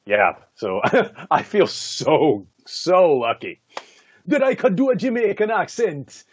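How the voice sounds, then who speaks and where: A man, a voice actor, telling stories from his career in a casual interview, animated and laughing often, with many "you know" fillers. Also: a little high, takes it slowly, husky. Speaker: voice actor guest.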